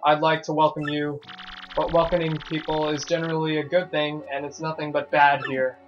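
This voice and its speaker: A man's voice: fairly high pitch, level tone, moderate pace, highs cut off, soft background music, natural voice. A man voicing a worried male villager from a cursed town, reading the lines aloud with a fretful tone.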